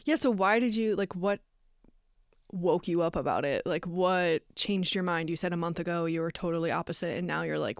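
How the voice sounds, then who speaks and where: A woman's voice: fairly low pitch, moderate pace, vocal fry, dry recording, studio quality. Upbeat woman host chatting casually. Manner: chatty, upbeat, uses many fillers. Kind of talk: casual conversation. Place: small studio. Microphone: studio microphone.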